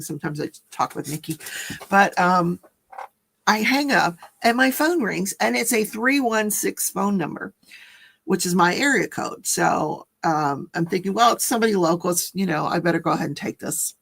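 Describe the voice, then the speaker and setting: A woman's voice: fairly low pitch, animated, moderate pace, vocal fry, a bit bright, breathy edge. An older woman, a grandmother, chatting casually as host of a livestream, rambling and correcting herself as she tells a story.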